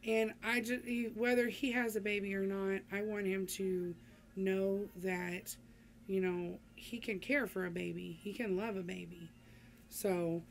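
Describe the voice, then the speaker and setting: A woman's voice: medium pitch, a little hiss or hum. A middle-aged woman chatting casually to her vlog audience, rambling with many ums and restarts. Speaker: vlogger. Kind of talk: casual chat to camera.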